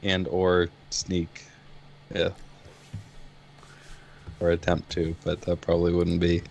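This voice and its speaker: A man with a very low voice talks through a plan at a tabletop game. He thinks aloud, hesitating and restarting. The talk is casual and loose. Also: completely flat delivery, takes it slowly, a little mellow, highs cut off, soft background music. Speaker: player.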